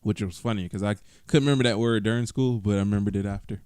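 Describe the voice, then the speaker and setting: A man's voice: fairly low pitch, steady tone, fast talker, a little mellow, smooth, no room sound, studio quality. A man co-hosting a podcast in casual chat, rambling and laughing easily. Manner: laid-back, chuckling, rambling. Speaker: podcast co-host.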